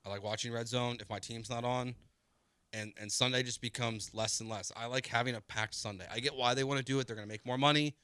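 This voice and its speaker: A male sports radio co-host speaks emphatically and circles back to repeat his points. His tone is bright and sharp, recorded dry and close on a studio microphone. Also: medium pitch, steady tone, fast talker, clean tone, no echo. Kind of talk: casual sports talk radio.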